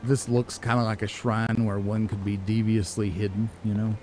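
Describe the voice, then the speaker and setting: A man giving relaxed, musing commentary as he plays a video game, chuckling at himself now and then. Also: fairly low pitch, normal speed, a little hiss or hum. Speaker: let's play gamer. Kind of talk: casual gameplay commentary.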